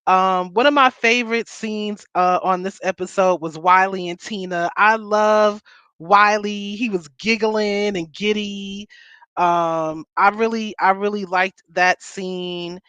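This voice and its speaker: A woman's voice: medium pitch, measured pace, fairly bright tone, clear, resonant tone, no room sound. A woman co-hosting a podcast, chatting casually and animatedly about a reality show, repeating points for emphasis. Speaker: podcast co-host.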